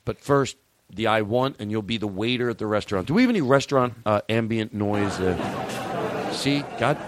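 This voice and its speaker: A man's voice: fairly low pitch, animated, normal speed, noisy background. A man hosting a podcast as a comedian, boastful and rambling, swearing often and breaking into scat singing. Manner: boastful, rambling, swears often, bursts into sing-song scatting. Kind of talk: crude comedic podcast banter.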